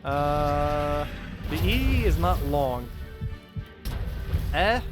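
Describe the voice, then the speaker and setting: A man's voice: fairly high pitch, very animated, slow, pauses often. A man streaming a game live, chatting casually and playfully, often breaking into laughter. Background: game music.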